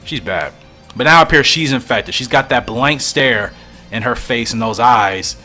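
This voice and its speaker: A man's voice: mid-range voice, animated, moderate pace, pushed and bright, faint music behind. A man reading a fan comic aloud and thinking aloud in a musing, often puzzled way. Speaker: comic reader and reactor.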